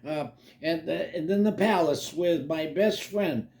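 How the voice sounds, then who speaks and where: A man's voice: a little high, unhurried, vocal fry, darkish tone, pitched above the performer's own voice. A grandpa putting on a jittery, stammering cartoon boy. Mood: nervous. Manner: stammers on his words. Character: jittery stammering young male cartoon character.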